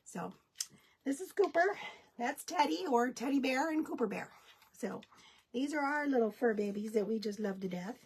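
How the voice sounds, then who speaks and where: A woman's voice: a little high, animated, moderate pace, a little mellow, slightly rough. A woman hosting a live craft tutorial, chatting folksily with viewers as she works. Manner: baby talk to her dogs. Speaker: craft kit host.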